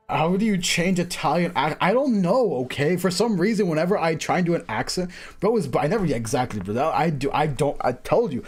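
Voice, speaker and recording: A man's voice: on the high side, expressive, brisk, darkish tone, husky. A man streaming casually, chatty and self-mocking, laughing at himself often as he reads and greets his chat. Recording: faint music underneath.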